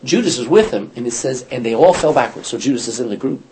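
Lively, animated man teaching scripture. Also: mid-range voice, fast, slight background noise. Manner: animated, chatty storytelling with self-corrections and laughs. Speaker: Bible study teacher. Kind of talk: informal Bible study teaching.

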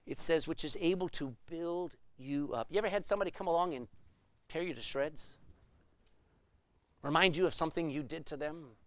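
A man's voice: a little high, normal speed, a bit bright, no echo. A man preaching a sermon as pastor, emphatic and full of rhetorical questions.

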